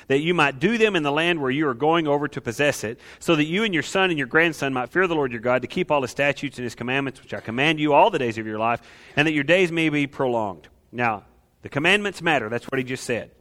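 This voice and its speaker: A pastor, preaching a lively sermon full of rhetorical questions and light humor. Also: male voice, fairly high pitch, fast talker.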